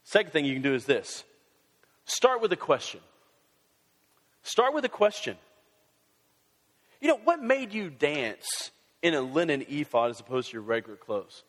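Male pastor, high voice, animated sermon delivery with sarcastic asides, long hall reverb. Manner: animated, mixes sarcasm and humor with scripture reading.

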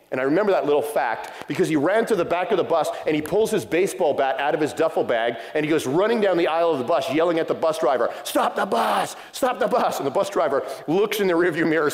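A middle-aged man preaching a sermon, telling a story with passion and acting out what people said. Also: on the high side. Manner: impassioned storytelling, acting out quotes. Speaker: pastor. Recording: long hall reverb.

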